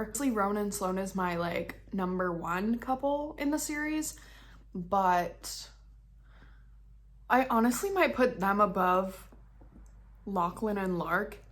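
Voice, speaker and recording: A young woman chatting casually about books in a reading vlog, rambling and full of "like" fillers. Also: mid-range voice. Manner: chatty, rambling, heavy use of "like". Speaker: book vlogger.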